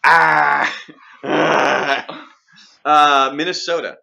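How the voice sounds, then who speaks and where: A man's voice: a little high, little pitch movement, drawn-out words, vocal fry, bright, forceful tone. A man from Oregon hosting a radio show, teasingly quizzing his co-host in casual banter. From Oregon, USA. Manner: playful, teasing quizmaster.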